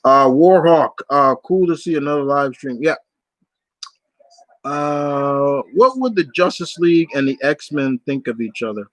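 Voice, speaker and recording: A man hosting a casual live Q&A stream, answering viewer questions in an animated, swearing, ranting way. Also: a little high, measured pace, no room sound, poor audio. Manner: animated, swearing, rants with voiced asides.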